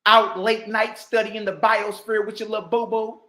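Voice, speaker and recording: High bright mocking man, roomy echo. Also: flat delivery, moderate pace. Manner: mocking, repetitive, bursts into shouting. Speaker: online commentator. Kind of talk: heated reaction commentary.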